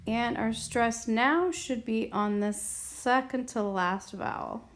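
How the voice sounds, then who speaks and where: A woman's voice: a little high, slow pace. A woman teaching a language grammar lesson at a whiteboard, patient and explaining step by step. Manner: patient, explains step by step, often asks "okay?". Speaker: Spanish teacher.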